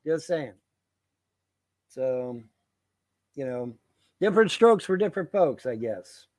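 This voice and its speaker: A man's voice: medium pitch, very animated, slow pace, darkish tone, no echo. A man co-hosting a casual livestream chat, talking in a profane, rambling and emphatic way. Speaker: livestream co-host.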